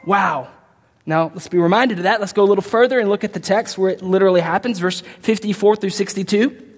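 Speaking briskly in a mid-range voice, a preacher gives an impassioned, emphatic sermon to a congregation in a large hall, reading scripture aloud and sometimes stumbling over the words. The recording has long hall reverb.

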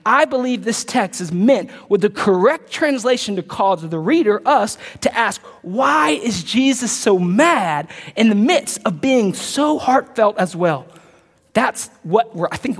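A male pastor preaching an animated sermon, dropping to low murmurs and jumping to loud bursts. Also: unhurried, breathy edge. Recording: long reverb of a large hall.

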